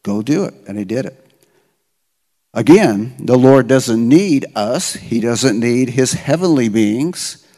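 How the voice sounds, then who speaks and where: In a church sanctuary full of long hall reverb, a middle-aged male pastor with a warm, mid-range voice takes it slowly, his intonation lively. His sermon is conversational storytelling told in slangy, casual language, punctuated by frequent "okay?" check-ins.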